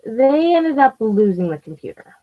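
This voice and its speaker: A woman's voice: a little high, big pitch swings, normal speed. A woman vlogger telling stories in a casual, rambling way, full of "like", restarts and swearing. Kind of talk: casual storytelling. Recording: dull lo-fi recording with faint music.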